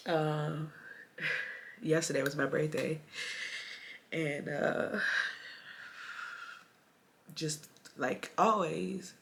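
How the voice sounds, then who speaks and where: Slow, gravelly young woman, tearful. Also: sits low, background noise. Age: late 20s. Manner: soft, halting, with sighs and pauses. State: tearful, holding back crying. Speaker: vlogger. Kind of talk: personal vlog monologue.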